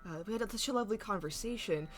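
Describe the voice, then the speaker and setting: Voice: mid-range voice, very fast, fairly bright tone, voice pushed up, natural voice. A game master doing a sly, fussy shopkeeper. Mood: coy. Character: sly haggling shopkeeper man.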